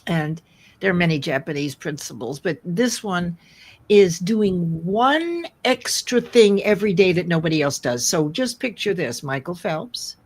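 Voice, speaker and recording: A woman hosts a live online talk show at an unhurried pace. She rambles earnestly, circling back and restarting her sentences as she goes. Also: on the low side, slightly rough. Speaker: host.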